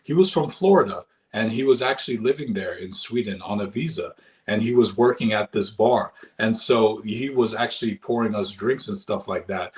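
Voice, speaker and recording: An American man chatting casually about a trip, relaxed and animated as he tells stories. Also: moderate pace. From United States. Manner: animated, acts out quoted people in a high voice. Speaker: guest telling travel stories. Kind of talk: casual storytelling chat.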